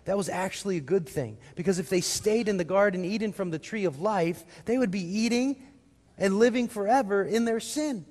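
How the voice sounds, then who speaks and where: Guy pastor giving a sermon, kinda high voice, lots of echo from the church, keeps asking the congregation stuff. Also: normal speed, a little mellow. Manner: asks the congregation questions and answers them. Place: church sanctuary.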